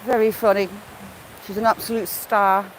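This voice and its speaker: A woman speaks at normal speed in a flat, medium-pitched voice, casually chatting on a live-stream as she walks by a wooded river and greets viewers by name. The recording sounds rough and picks up faint outdoor noise.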